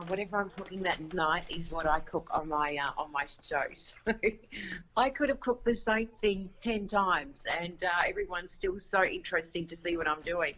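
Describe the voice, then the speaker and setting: A woman with an Australian accent chatting casually as a guest in an interview, easygoing and quick to laugh. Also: on the low side, bright, forceful tone, slight background noise, poor audio. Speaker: guest, home cooking show host.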